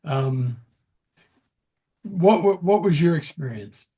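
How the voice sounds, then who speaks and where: Breathy man author hosting. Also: fairly high pitch, expressive, warm tone. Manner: rambling, drawn-out questions. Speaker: author and host. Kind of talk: casual interview chat.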